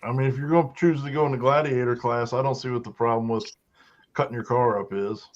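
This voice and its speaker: A man's voice: mid-range voice, fairly even intonation, fast talker, muffled recording. A man hosting a casual live-streamed chat, joking and laughing with his guests. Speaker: host.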